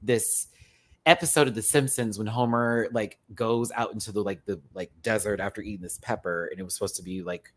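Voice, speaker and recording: A man hosting a live-streamed casual review chat, rambling and animated, laughing often and full of fillers. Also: fairly low pitch, brisk. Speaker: host reviewing a TV show.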